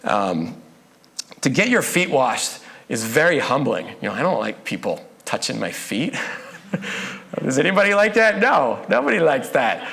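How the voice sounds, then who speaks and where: A male pastor giving a casual, conversational sermon with joking, animated asides. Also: medium pitch, a little slow, creaky. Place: church.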